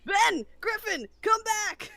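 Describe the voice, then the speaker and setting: A woman's voice: very high voice, fairly quick, vocal fry, no echo, exaggerated voice. A woman reading the part of a frantic young male pilot caught in a storm, in a comedic table read. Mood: frantic shouting. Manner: shouting, hammy over-the-top.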